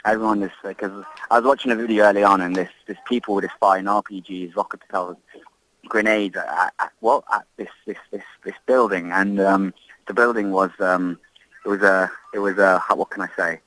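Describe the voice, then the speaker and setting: A man, an expat giving an impassioned interview update, halting and repeating himself as he speaks. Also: sits low, fairly even intonation, a bit bright, rough recording. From Libya. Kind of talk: emotional interview.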